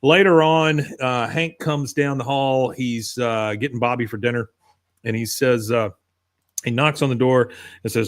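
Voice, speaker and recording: A man's voice: mid-range voice, moderate pace. A man co-hosting a podcast, casually retelling an episode scene by scene and quoting the characters. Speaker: podcast co-host.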